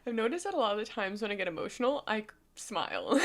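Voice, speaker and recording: A woman in her twenties telling a personal story, emotional and casual, her voice going shaky and soft at times. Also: medium pitch, very animated, quick pace, few pauses. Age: 20s. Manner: emotional, voice goes shaky and soft, casual filler-heavy talk. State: close to tears. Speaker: vlogger.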